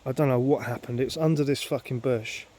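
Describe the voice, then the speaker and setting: A man's voice: mid-range voice, fairly quick, a little mellow. A man filming a casual outdoor vlog at a lake on a handheld phone, telling a rambling, exasperated story full of swearing. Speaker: vlogger.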